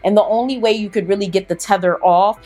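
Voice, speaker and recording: A young woman hosting a casual storytime vlog, telling it in an animated, chatty way and swearing freely. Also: medium pitch, quick pace, soft background music. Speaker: storyteller host.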